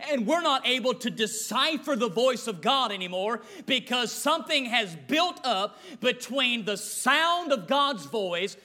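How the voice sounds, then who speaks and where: A man's voice: very high voice, expressive, a little slow, hardly any pauses, bright, forceful tone. A middle-aged male pastor with a Southern US accent preaching a folksy, emphatic sermon full of repetition.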